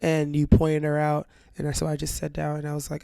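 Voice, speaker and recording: Brief: outspoken woman co-host, casual storytelling, gravelly texture. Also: deep voice, quick pace, few pauses, no room sound. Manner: animated, blunt, swears freely.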